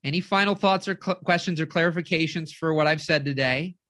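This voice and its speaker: A woman life coach giving an energetic live-streamed motivational talk, keeps checking in with her audience and acts out inner voices. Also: low-pitched, a little fast, no room sound, studio quality.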